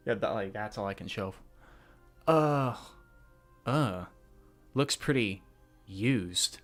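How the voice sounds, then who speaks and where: Young guy reacting to manga, slow drawl but bouncy pitch, bit of music in the back. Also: expressive, a bit bright. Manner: laughing, swearing, slangy. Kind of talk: casual reaction reading.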